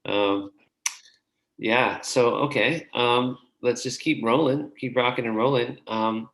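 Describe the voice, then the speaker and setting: A man's voice: medium pitch, fairly even intonation, slow pace, fairly bright tone, low-quality recording. A man hosting the show, enthusiastically praising and joking with his guest. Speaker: host. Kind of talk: casual commentary.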